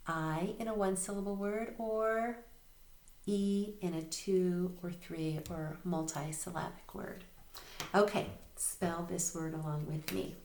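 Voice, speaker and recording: A woman teacher giving a recorded reading lesson, patient and clear, spelling words slowly letter by letter. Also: lowish voice, darkish tone, slight background noise. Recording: roomy echo.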